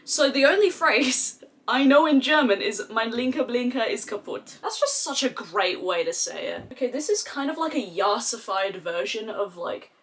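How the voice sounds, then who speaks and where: A woman's voice: a little high, very animated, normal speed, a bit bright. A young Australian woman chatting casually and animatedly through a makeup tutorial, with slangy, sweary asides. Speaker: beauty vlogger.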